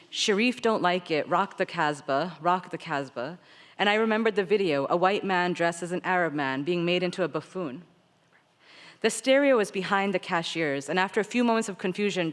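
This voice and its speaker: A woman author reading her own fiction aloud, in an expressive way with light laughter. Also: on the low side. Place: literary seminar stage. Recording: long reverb of a large hall.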